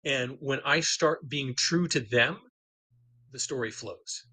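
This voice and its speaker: A middle-aged man, a novelist and guest, talking about his writing in an enthusiastic, animated way. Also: medium pitch, slow, dry recording, rough recording. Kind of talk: casual interview talk.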